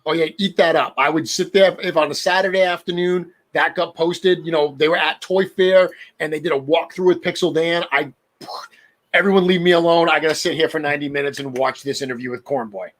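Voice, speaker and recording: A man's voice: a little high, steady tone, fairly quick, a bit bright. A middle-aged man with a New England accent, hosting a casual podcast chat and laughing at himself now and then. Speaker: podcast host. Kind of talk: casual chat about toy collecting.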